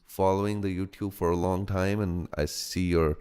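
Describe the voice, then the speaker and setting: Low-voiced man with American-Indian accent. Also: fairly even intonation, clear, resonant tone, long reverb tail. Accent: American-Indian mix. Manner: halting, frequent ums and restarts, greets each viewer warmly by name. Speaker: host of a live meditation stream. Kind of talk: live-stream greetings to viewers. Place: home studio.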